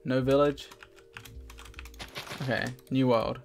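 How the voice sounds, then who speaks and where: Casual male streamer, rambling and giggly, middle-pitched voice, soft music underneath. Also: fairly even intonation, slow pace. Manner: chatty and scattered, laughs often, thanks viewers. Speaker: live streamer. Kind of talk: casual live-stream chat while gaming. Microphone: desk microphone. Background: faint game music.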